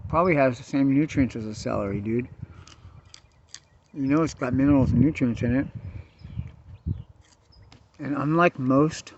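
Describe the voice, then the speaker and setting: A man's voice: mid-range voice, normal speed, pauses often. A man vlogging outdoors on a hillside, talking in laid-back stoner slang, swearing and saying dude a lot. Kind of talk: casual outdoor vlog. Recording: dull lo-fi sound with background noise.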